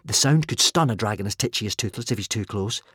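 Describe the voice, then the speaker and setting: A man voicing a plucky young boy in an audiobook, bossy but anxious, trying to sound calm. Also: on the low side, fast, slightly rough, no room sound, clean studio sound, exaggerated voice. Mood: commanding. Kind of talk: audiobook character voice.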